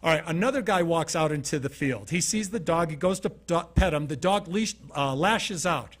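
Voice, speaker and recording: A man from Utah delivers a motivational keynote, his voice on the high side and animated at a moderate pace. He tells stories in a conversational way, acts out scenes, and puts questions to the audience.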